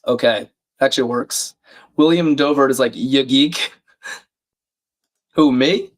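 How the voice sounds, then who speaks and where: A man with a croaky, slightly sick voice, hosting a live crossword stream in a chatty, casual way and reading viewer comments aloud. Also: mid-range voice, a little slow. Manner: chatty, reads chat aloud, self-deprecating. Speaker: livestream crossword host.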